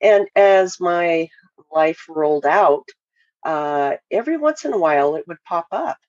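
A woman's voice: fairly low pitch, lively intonation, measured pace, darkish tone, no room sound. Woman guest on a dull, dry remote line. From Hawaii. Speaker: podcast guest. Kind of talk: casual interview, telling her story.

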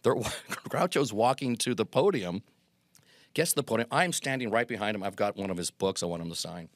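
A middle-aged man with a low, deep voice spins anecdotes as an interview guest. He acts out the quotes with lively energy. The sound is dry and close. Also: a little fast, no echo. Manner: animated anecdotes with acted quotes. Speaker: guest, Groucho performer. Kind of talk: storytelling interview.

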